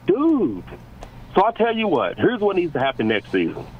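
Excitable stammering male caller on lo-fi radio. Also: high-pitched, moderate pace, slight background noise. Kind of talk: sports radio rant.

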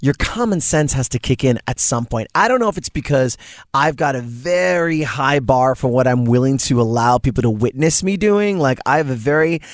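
A man's voice: medium pitch, animated, moderate pace, dry recording, clean studio sound. A man hosting a morning radio show, chatting energetically and telling stories. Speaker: radio host. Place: radio studio.

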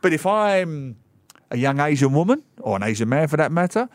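A man in his forties, a radio guest, talks films in a casual, animated and sarcastic way with mocking asides, on a studio microphone. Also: on the high side, fairly quick, no echo. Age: 40s. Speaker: radio guest and film commentator.

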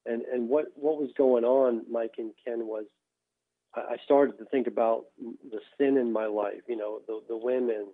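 A man, a former baseball pitcher, telling his faith testimony as a guest, halting and repeating words as he goes. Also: fairly even intonation. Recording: tinny phone line.

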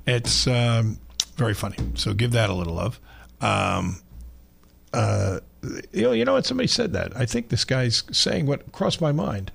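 A man from Long Island, hosting a sports radio show and rambling through stories in a chatty, animated way. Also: medium pitch, normal speed, gravelly, slightly rough. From Long Island, New York. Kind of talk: casual sports radio chat.

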